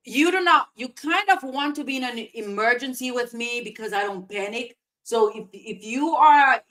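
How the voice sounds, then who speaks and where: Animated woman telling a story. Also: on the high side. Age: adult parent of a young child. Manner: animated, dramatic swings in loudness. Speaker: podcast co-host. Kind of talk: casual storytelling chat.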